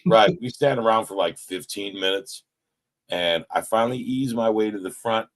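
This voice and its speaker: A man's voice: fairly low pitch, normal speed. A man telling a personal story in casual, profane speech, acting out what people said to him. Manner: profane, animated, retells with quoted voices. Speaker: person sharing at a recovery meeting.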